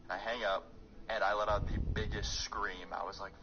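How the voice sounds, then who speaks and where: A man's voice: lowish voice, normal speed, muffled recording, noisy background. Rambling young man telling a story. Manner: rambling, filler-heavy, excitable. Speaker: YouTuber storyteller. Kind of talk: casual storytime vlog.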